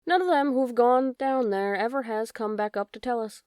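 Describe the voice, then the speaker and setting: Woman voicing a gentle, comforting leaf. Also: on the high side, normal speed, clean tone, no room sound, studio quality, lightly acted. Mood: tender. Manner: tender, reassuring.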